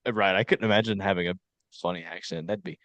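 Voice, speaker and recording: A man's voice: low-pitched, fast, no echo. A young man from South Carolina co-hosting a casual chat podcast, rambling and laughing as he tells stories. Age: young adult. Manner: rambling, laughs often, animated storyteller. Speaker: podcast co-host.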